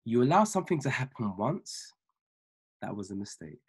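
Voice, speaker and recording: A man who is an ordained minister, giving a motivational talk on a weekly video call, preachy and emphatic, repeating key lines slowly for notes. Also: mid-range voice, sing-song, breathy edge. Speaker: ordained minister and trading mentor.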